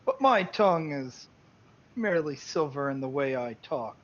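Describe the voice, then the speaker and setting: A man's voice: fairly high pitch, animated, moderate pace, dull audio, lightly acted. A man voicing a smug, scheming male villain with a silky, mocking way of talking.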